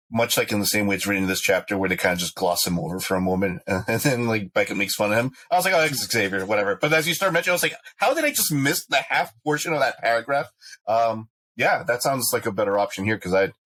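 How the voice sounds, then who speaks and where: A man on a podcast panel chats in a relaxed, loose way, with plenty of fillers. His voice sits low and he talks quickly. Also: low-quality recording. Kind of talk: casual roundtable chat.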